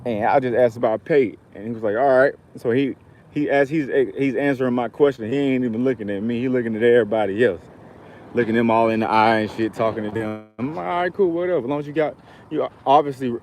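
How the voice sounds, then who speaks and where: A man's voice: mid-range voice, quick pace, darkish tone, a little hiss or hum, rough recording. A man from Georgia, telling a heated, profane story in a casual rant to camera. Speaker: vlogger.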